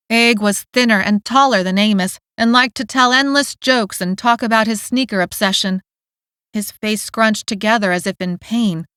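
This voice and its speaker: A woman's voice: on the high side, fairly bright tone, clean tone, dry recording. A woman narrating an audiobook in scripted, emotive style on a close studio mic.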